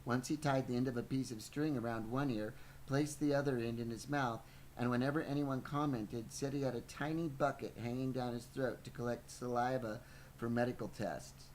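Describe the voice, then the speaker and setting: A man's voice: mid-range voice, fairly even intonation, normal speed, darkish tone, a little hiss or hum, poor audio. A man reading a book aloud on a podcast, stumbling now and then and breaking off for playful asides. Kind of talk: live book reading with banter.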